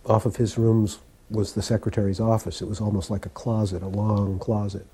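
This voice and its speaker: A man in his sixties telling personal memories in an unhurried, reflective way, pausing as he recalls details. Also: lowish voice, warm tone, slightly rough. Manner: unhurried, reflective storytelling with pauses. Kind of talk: spoken personal reminiscence.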